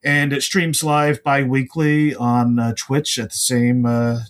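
A man's voice: mid-range voice, little pitch movement, slow. Rambling man full of fillers. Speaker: podcast guest, comics writer. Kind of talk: casual podcast chat.

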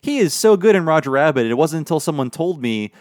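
A man co-hosting a casual podcast about cartoons, chatty and jokey with quick asides. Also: on the high side, sing-song, darkish tone, dry recording, studio quality. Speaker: podcast co-host.

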